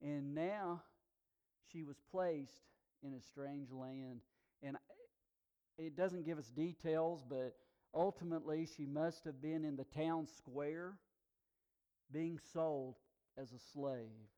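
A man with a high voice delivers a sermon as pastor. His delivery swings from hushed, quiet passages to loud, emphatic declarations. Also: takes it slowly, long pauses, clean tone, lo-fi sound.

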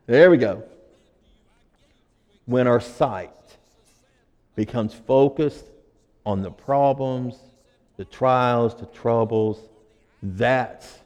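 High-voiced pastor preaching in a reverberant hall. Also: male voice. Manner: conversational preaching that builds to emphatic, loud stretches. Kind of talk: sermon.

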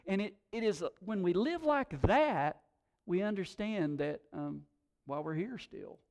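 A man's voice: a little high, vocal fry, a little mellow. A male pastor preaching a sermon earnestly, rising for emphasis before a time of invitation.

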